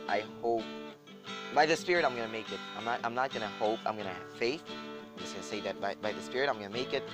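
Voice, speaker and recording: A man hosting a podcast who preaches in a slow, emphatic way with repeated questions and also chats casually with his listeners. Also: on the low side, poor audio. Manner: casual and rambling when speaking plainly. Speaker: podcast host. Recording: clear guitar music under the voice. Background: guitar music.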